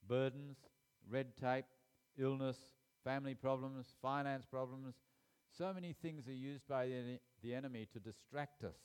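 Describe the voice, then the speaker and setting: A man's voice: medium pitch, a little mellow, clear, resonant tone. A man preaching a sermon, reading scripture aloud and stressing key phrases with repetition and sudden rises in voice. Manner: emphatic, repeats key phrases, rises sharply for emphasis.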